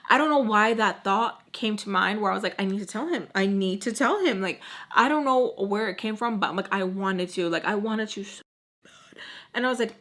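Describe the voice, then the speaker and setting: A young woman in her twenties telling a casual storytime about her nanny job, chatty and animated, acting out what people said. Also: normal speed. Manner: chatty, animated, acts out quotes in a higher voice.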